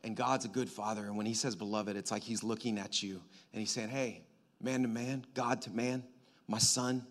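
A pastor preaching a sermon, moving between loud emphatic lines and hushed, intimate near-whispers while talking straight to the congregation. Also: male voice, fairly low pitch, fairly even intonation, normal speed. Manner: conversational, addresses congregation directly.

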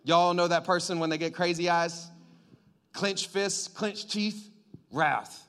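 A man preaching a sermon in a lively, joking way, getting the congregation to call back to him. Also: high-pitched, takes it slowly, clear, resonant tone. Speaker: pastor.

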